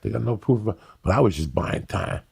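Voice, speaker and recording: A middle-aged man hosting a podcast, telling a story in a profane, animated way. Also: lowish voice, brisk, vocal fry, husky. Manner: profane, animated storyteller acting out other people's voices. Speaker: podcast host. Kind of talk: storytelling in casual chat.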